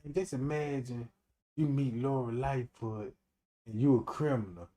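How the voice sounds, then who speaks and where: A man streaming a profane comedic rant, swinging from shouting to muttering. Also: medium pitch, a little slow.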